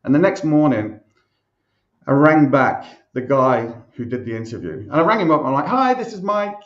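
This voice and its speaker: An Irish man, a podcast guest, telling a story in a chatty, animated way and swearing casually. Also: mid-range voice, normal speed. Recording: roomy, dull recording.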